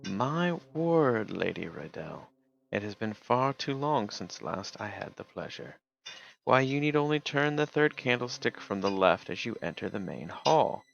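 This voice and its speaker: A man's voice: fairly low pitch, big pitch swings, measured pace, vocal fry, highs cut off, exaggerated voice. A man reading aloud and voicing a frail, guilt-ridden old former dragoon who talks in a wavering, mournful way. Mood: dazed.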